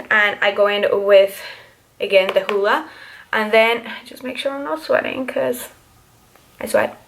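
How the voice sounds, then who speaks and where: A young beauty vlogger walks through her makeup routine in a casual tutorial, explaining each step in a relaxed, chatty manner peppered with small fillers. Her voice has an ordinary middle pitch for a woman.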